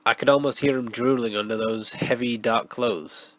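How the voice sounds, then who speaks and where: A hoarse man with a cold narrating a first-person horror story in a steady storytelling voice, recorded raw on a close mic. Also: medium pitch, moderate pace, dry recording. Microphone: raw, unprocessed close mic.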